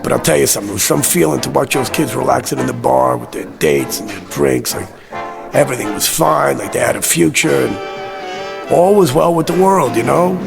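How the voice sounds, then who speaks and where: A man's voice: medium pitch, expressive, a little fast, gravelly, music in the background. An actor playing a rattled, haunted man who insists he knows what is coming, in a mid-century drama. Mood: bitter musing. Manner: agitated, insistent, bitter. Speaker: lead character.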